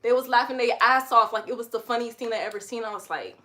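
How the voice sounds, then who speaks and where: High, bright-voiced woman, breathless workout chat, mic set back in an echoey room. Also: fast talker, distant mic. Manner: chatty, laughing, counts aloud. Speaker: fitness vlogger. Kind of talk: casual workout livestream chat. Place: home room with an exercise mat.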